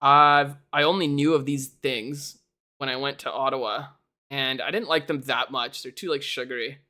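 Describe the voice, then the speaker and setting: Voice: mid-range voice, fairly even intonation, moderate pace, pushed and bright. A young adult streamer from Canada, chatting casually on a live stream, laughing often and swearing in rambling asides. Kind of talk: casual chat to a live audience. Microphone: desk mic for a live stream.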